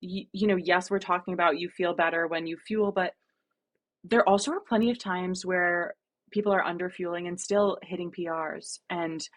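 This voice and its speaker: A young woman from New Jersey, a guest running coach, talking in a casual podcast conversation in an earnest, animated way and laughing often. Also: fairly low pitch, moderate pace.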